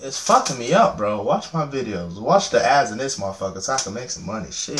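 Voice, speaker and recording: A young man reacting to a music video, joking, swearing freely and getting loudly excited. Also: mid-range voice, a little fast, hardly any pauses. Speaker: reaction channel host. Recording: echoey room with music playing. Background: music video playing loudly.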